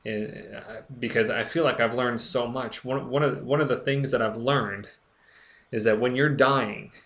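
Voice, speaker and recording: A man's voice: mid-range voice, fairly even intonation, a bit bright. A young man talking earnestly to camera in a personal vlog, stumbling and restarting often as he speaks with emotion. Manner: earnest, halting, with frequent restarts. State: recovering, emotional. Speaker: blogger. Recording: echoey room.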